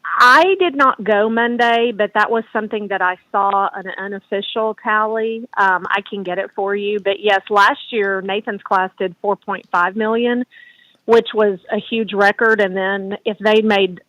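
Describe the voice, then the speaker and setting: A woman's voice: medium pitch, steady tone, a little slow, fairly bright tone, no room sound, low-quality recording. A woman calling in to a morning show and chatting in a friendly way. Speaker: caller. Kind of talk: casual call-in chat.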